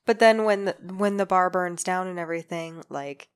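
A woman's voice: lowish voice, normal speed, clean tone. A woman co-hosting a romance book podcast, chatting easily about a novel with plenty of laughter. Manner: laughing, easygoing, quotes characters. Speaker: podcast co-host. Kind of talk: casual book chat.

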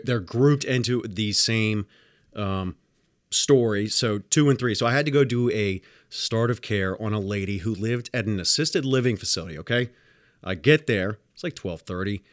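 A man's voice: lowish voice, dry recording, studio quality. A man who works as a home health nurse tells work stories in a casual, blunt, profane rant. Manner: animated, acts out dialogue in other voices. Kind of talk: casual storytelling monologue.

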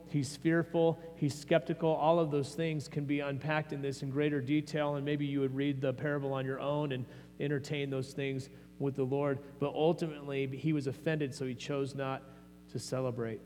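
In a church sanctuary, a pastor preaches with a slightly high, somewhat mellow voice. He's earnest and conversational, frequently starting his phrases over. Long hall reverb and a faint mains hum run through the recording.

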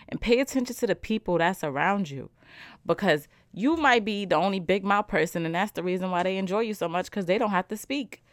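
A young woman talks through a casual solo podcast. She is animated and slangy, driving her points home with repeated "okay?" over a dry, close sound. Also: fairly low pitch, no echo. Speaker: podcast host.

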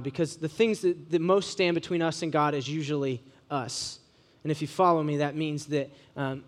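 A young man from Ohio, preaching to students in a casual, joking sermon full of animated storytelling. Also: a little high. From Ohio, USA.

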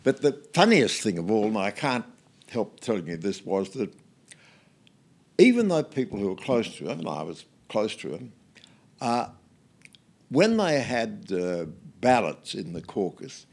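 An older Australian man, a guest in an interview, telling anecdotes in a relaxed way with many fillers and restarts. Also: on the low side, normal speed.

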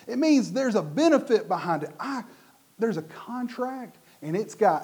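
Animated high-pitched man preaching. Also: unhurried, slightly rough. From United States. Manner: animated, acts out quoted voices. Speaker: pastor. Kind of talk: sermon.

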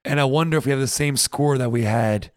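A man co-hosting a podcast in casual chat, easygoing and quick to agree. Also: mid-range voice, no room sound, studio quality. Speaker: podcast co-host.

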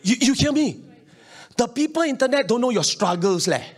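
With a very high pitch, lively intonation and normal speed, a middle-aged man preaches as a pastor. His delivery is emphatic and repetitive, full of calls for the congregation to answer, and he chuckles frequently between points.

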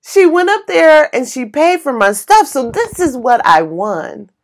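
A woman's voice: high voice, a little slow. A woman casually telling a personal story with emotion, exclaiming and acting out what people said. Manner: animated, exclaiming, acts out quoted voices; emotional, tearful retelling.

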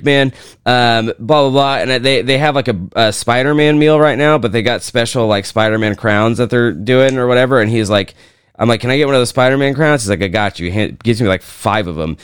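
A man's voice: medium pitch, fairly quick, smooth, no room sound. A man co-hosting a podcast, telling a profane story with lots of energy in casual chat. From Kansas, USA. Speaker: podcast co-host.

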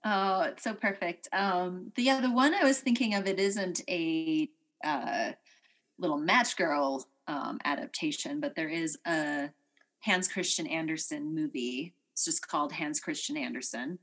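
A woman's voice: low voice, a little slow, a bit bright. A woman from the United States co-hosting a podcast, chatting casually and laughing often. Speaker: podcast co-host. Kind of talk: casual chat.

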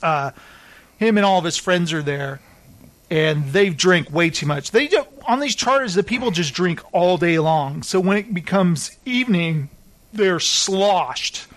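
A man hosting a casual chat show, recapping TV episodes with animated storytelling and acted-out quotes. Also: sits high, unhurried. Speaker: podcast host.

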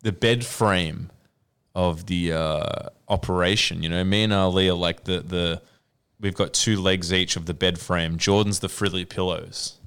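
A man's voice: sits low, fairly even intonation, unhurried, fairly bright tone, clean tone. A man co-hosting a podcast in casual chat, rambling and restarting often. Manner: rambling, self-interrupting, laughing often. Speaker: podcast co-host.

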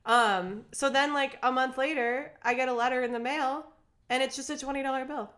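A woman's voice: high-pitched, moderate pace. A young woman from Minnesota, co-hosting a podcast, tells a long story in casual chat, acting out everyone's lines and saying "like" constantly. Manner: animated, acts out quotes, says "like" constantly. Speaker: podcast co-host.

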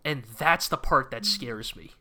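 A man co-hosting a podcast, talking in a casual, impassioned way with quick restarts. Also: mid-range voice, over a noisy crowd. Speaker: podcast co-host. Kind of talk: casual chat reviewing anime.

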